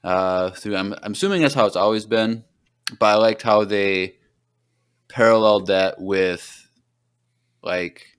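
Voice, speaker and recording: A man's voice: lowish voice, unhurried, pauses often, smooth. A man hosting a podcast, chatting casually through an episode recap and filling his speech with "like" and "um.". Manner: rambling, heavy on fillers like "like". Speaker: podcast host.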